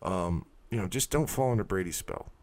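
A man's voice: sits low, fairly quick, a little mellow, no echo. A man co-hosting a comedy podcast, acting as a rambling, stammering color commentator for a made-up wrestling match.

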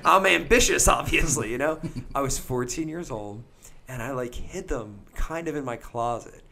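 A middle-aged man, hosting a podcast and telling crude, comic stories with lots of swearing and bursts of loud put-on voices. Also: medium pitch, normal speed, creaky, slight background noise. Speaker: podcast host. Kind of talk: crude comedic storytelling.

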